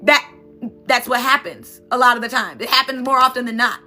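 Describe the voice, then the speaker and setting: Bright, emphatic woman coach over soft music. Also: on the high side, a little fast. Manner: emphatic, repetitive, conversational with frequent "right?". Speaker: NLP coach and sound healer. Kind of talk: motivational talk to viewers.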